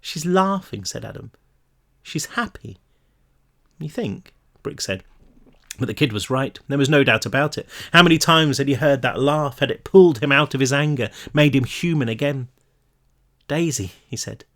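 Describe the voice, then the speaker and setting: A man, the author, reading his own novel aloud in a home-recorded read-through, emotional and rising in pitch at tense moments. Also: expressive, normal speed, fairly bright tone. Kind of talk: audiobook-style reading.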